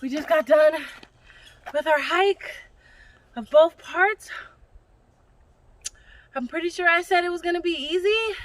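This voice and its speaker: A woman's voice: high voice, measured pace, long pauses, low-quality recording. A woman hiking vlogger talking casually outdoors on forest trails, chatty, upbeat and self-mocking. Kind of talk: casual vlog narration.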